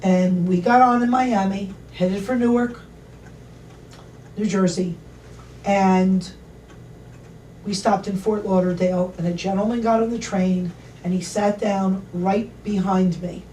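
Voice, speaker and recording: A woman telling a travel anecdote to an audience in a lively, chatty way. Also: medium pitch, unhurried, pauses often, far from the mic, a little hiss or hum. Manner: animated, chatty anecdotal storytelling. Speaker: travel expert speaker. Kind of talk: casual storytelling to an audience. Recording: echoey room, voice from off mic, faint ambience.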